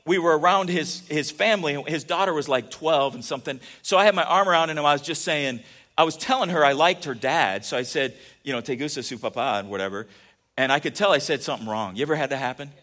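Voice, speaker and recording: A man's voice: a little high, fast talker, fairly bright tone. A man preaching a casual, joking sermon, telling stories and often restarting his sentences. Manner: chatty and joking, with many restarts. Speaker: pastor.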